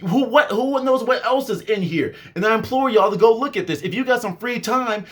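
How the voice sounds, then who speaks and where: A man hosting his own channel, reading a law aloud and breaking off into animated, conspiratorial asides full of fillers, his voice tired from the reading. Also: extremely high pitch, brisk, few pauses. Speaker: channel host.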